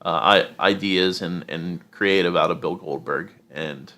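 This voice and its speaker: Lowish-voiced man rambling opinions on a podcast. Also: a little slow, sharp tone. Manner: rambling opinions with many fillers like "you know". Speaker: podcast co-host. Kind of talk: casual podcast chat.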